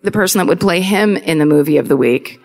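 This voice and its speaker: A woman's voice: deep voice, animated, quick pace, vocal fry, darkish tone. A woman co-hosting a live true crime show on stage, telling the story in a chatty way and laughing at her own jokes. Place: live on stage in a large auditorium.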